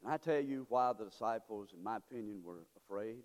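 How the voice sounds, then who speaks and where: A male pastor preaching a sermon with call-and-response, swinging between shouts and low murmurs. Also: expressive, a little fast. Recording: long reverb of a large hall.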